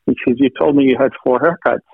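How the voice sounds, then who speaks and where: This man speaks fast in a steady, medium-pitched voice that's creaky and slightly rough. Telling his personal testimony with earnest feeling, he recounts conversations line by line in quoted "he said" form, thanking God as he goes. The recording is dry, coming through a thin line that sounds like a phone.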